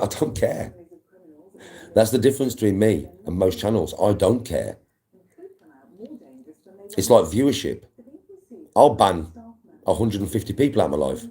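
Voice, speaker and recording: A man's voice: lowish voice, mellow. A man, a livestream host, ranting at live viewers in an aggressive, defiant, swearing way.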